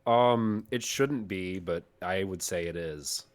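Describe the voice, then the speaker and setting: A man's voice: low voice, slow, clean tone. A man, a writer and voice actor, talking casually as a guest with a dry, wry sense of humour. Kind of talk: casual conversation.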